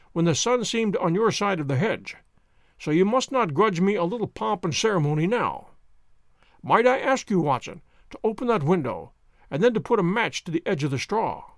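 A man's voice: high-pitched, no room sound, clean studio sound. A man reading the lines of a confident, wry detective, poised and commanding in an audiobook. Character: sharp, confident male detective, theatrical.

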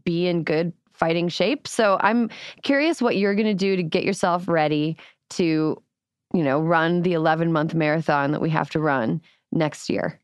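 A woman's voice: low voice, normal speed, smooth, dry recording, studio quality. A woman hosting a podcast, chatting casually with a wry, joking delivery. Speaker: podcast host.

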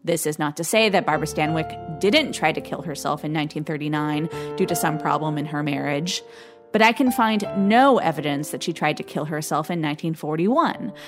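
A woman with a somewhat low voice narrates from a script. She tells her story with a wry, questioning edge. Music plays plainly behind her the whole time. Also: animated, fairly quick. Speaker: podcast host.

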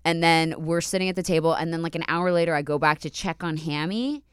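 A young woman hosting a podcast, telling a story in an animated way with frequent laughter. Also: low-pitched, fairly quick, clear, resonant tone, no echo, studio quality. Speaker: podcast host. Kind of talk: casual chat, storytelling.

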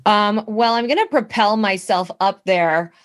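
A woman's voice: mid-range voice, measured pace. A woman describing her character's actions as a player in a tabletop game, hesitant with fillers.

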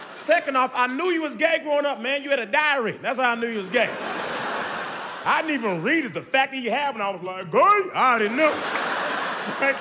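A young man doing a loud, animated stand-up comedy set on stage, jumping into high shouts. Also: fast talker, background noise. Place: large comedy venue on stage. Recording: live show in a hall with audience.

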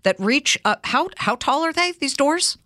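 A woman's voice: high-pitched, moderate pace, no room sound. Chatty woman hosting a podcast. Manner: chatty and lively, laughs along. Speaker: podcast host. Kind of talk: casual interview conversation.

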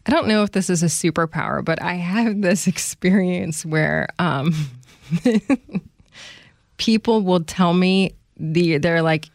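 Woman, middle-aged, lower voice, casual podcast chat, laughs a lot, dry sound. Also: slow, no room sound. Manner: chatty storyteller, laughs often. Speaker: podcast host.

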